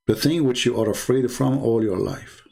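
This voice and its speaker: A man hosting an online debate show in a sarcastic, halting monologue. His pitch sits in a middling range, and he peppers his mocking remarks with "you know" and "like". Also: creaky, a little mellow. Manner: mocking, halting, full of fillers.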